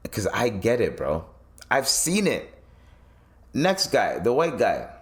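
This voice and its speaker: A man hosts a podcast, ranting casually and swearing through his stories. He is from East Africa, and his voice sits low and steady in its pitch. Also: slow pace. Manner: profane, animated storytelling. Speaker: podcast host.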